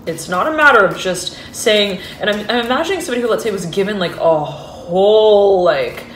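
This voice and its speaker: A woman reads tarot cards in a loose, meandering way, full of restarts and fillers. Her voice sits at an everyday middle pitch and often breaks into giddy laughter. The recording carries a noticeable roomy echo, with a faint hum of background noise. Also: animated, fairly quick. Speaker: tarot reader. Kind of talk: intuitive tarot reading.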